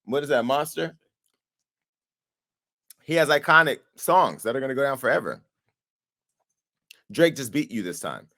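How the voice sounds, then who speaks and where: A man's voice: mid-range voice, lively intonation, normal speed, long pauses, pushed and bright. A man hosting an entertainment news show, giving casual commentary and acting out profane imagined dialogue. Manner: acts out profane imagined dialogue in storytelling bursts.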